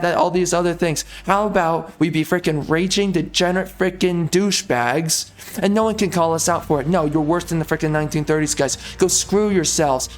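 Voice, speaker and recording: A man doing gameplay commentary who rants angrily and profanely, repeating insults. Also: fairly high pitch. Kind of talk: angry let's-play commentary.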